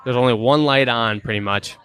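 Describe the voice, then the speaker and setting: A man's voice: medium pitch, brisk, clear, resonant tone. A man in his thirties from Minnesota with a Minnesotan accent, a hockey player telling stories in a casual chat and acting out the people he quotes. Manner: animated storyteller acting out quotes. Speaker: guest, pro hockey player.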